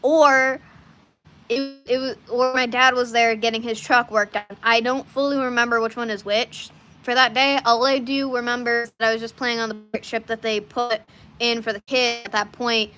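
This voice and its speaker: A woman talking off the cuff on her livestream, her voice bright and ringing and a little higher than most. She wanders from story to story, restarting sentences and circling back as she goes. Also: level tone, moderate pace, faint music behind. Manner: rambling and chatty, many restarts and side stories. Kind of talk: casual rambling chat to a live audience.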